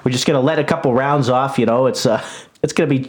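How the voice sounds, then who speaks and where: A man's voice: mid-range voice, fairly even intonation, quick pace. A man hosting a comedy podcast, chatting casually and laughing often. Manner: laughs often, jokey and loose. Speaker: podcast host.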